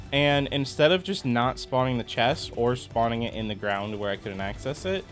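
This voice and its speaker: A man's voice: mid-range voice, fairly bright tone. A man giving casual gameplay commentary, chatty and explaining things step by step as he plays. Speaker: gaming content creator.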